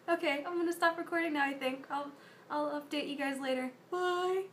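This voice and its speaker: Chatty young woman, slightly high voice. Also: fairly even intonation, a little fast, fairly bright tone, a little hiss or hum. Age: 20s. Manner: chatty, rambling, filler-heavy. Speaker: vlogger. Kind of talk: casual confessional vlog.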